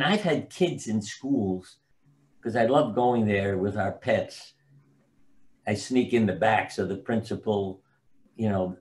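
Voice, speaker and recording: An older man, a physician and author, telling long anecdotal stories as a guest in a casual interview and sometimes losing track of names. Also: on the low side. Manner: rambling anecdotal storytelling, forgets names.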